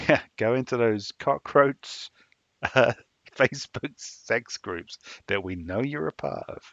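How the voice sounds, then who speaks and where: A man's voice: medium pitch, lively intonation, slow, creaky, a bit bright, no room sound. An English man co-hosting a podcast, talking casually and swearing often as he fires up his listeners. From England. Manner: profane, emphatic rallying of listeners. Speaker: podcast co-host. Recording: dull, dry lo-fi sound.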